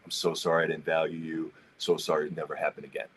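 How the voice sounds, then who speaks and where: A man's voice: very deep voice, completely flat delivery, fast, slight background noise, pitched below the performer's own voice. A man doing a sheepish, mumbling apologizer. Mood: apologetic. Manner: soft, contrite, subdued.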